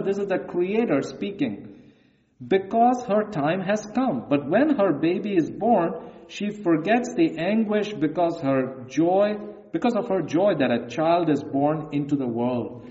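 A man's voice: on the high side, warm tone. A man preaching a sermon in an earnest, emphatic way, reading scripture aloud. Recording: echoey hall, dull lo-fi sound.

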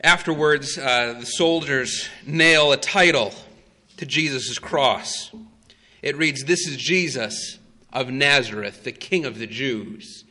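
A man preaching a sermon, telling the story slowly and with emphasis, with frequent "uh" fillers. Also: mid-range voice, pushed and bright. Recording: long hall reverb.

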